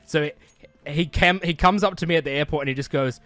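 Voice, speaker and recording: A man's voice: on the high side, quick pace, fairly bright tone, a little hiss or hum. A young man telling a story in a laid-back casual chat with friends. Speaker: podcast co-host.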